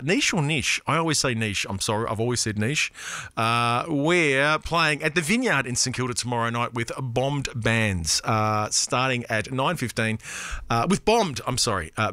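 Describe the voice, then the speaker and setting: Rambling Australian radio host, bright voice. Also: male voice, medium pitch, no room sound. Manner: rambling, chatty, self-deprecating, full of fillers and restarts. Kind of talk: casual radio chat reading listener texts. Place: radio studio.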